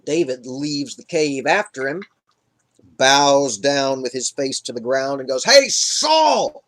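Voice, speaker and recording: A man's voice: mid-range voice, steady tone, unhurried, a bit bright. A man hosting a live stream, retelling a Bible story in an irreverent, joking way. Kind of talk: casual comic Bible retelling.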